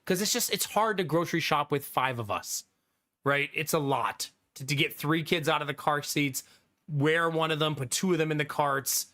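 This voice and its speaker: Bright-voiced man chatting to his stream. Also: a little high, normal speed. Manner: chatty, laughs often, swears casually. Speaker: live streamer. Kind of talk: casual chat with stream viewers.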